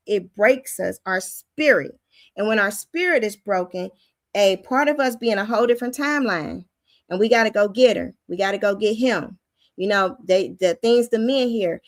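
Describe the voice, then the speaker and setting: A woman with a high, youthful-sounding voice giving an informal spoken teaching on faith, preacherly and often acting out the voices she quotes. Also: fairly bright tone, no room sound.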